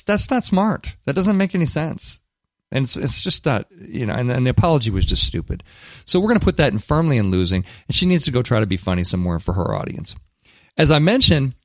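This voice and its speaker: A man's voice: mid-range voice, fairly bright tone, no room sound, studio quality. Blunt, opinionated male radio host. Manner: opinionated, blunt, emphatic with frequent restarts. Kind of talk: casual talk radio commentary. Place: radio studio.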